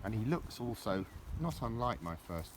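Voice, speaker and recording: A middle-aged vlogger out on a walk chats casually in a lowish, sing-song voice at normal speed, rambling and joking with cheeky asides. The outdoor recording carries loud background noise.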